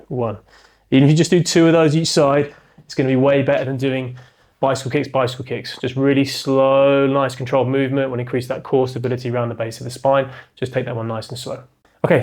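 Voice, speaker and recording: A man's voice: medium pitch, darkish tone. Man coaching back exercises. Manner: cueing exercises step by step, counting down reps. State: slightly strained while holding the exercise. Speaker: chiropractor. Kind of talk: exercise demonstration.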